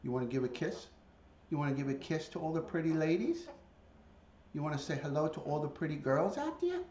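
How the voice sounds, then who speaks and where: A man livestreaming with his pet parrot, chatting casually to viewers and coaxing the bird in high sing-song calls. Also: animated, fairly quick, darkish tone, highs cut off. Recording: echoey room with faint ambient noise.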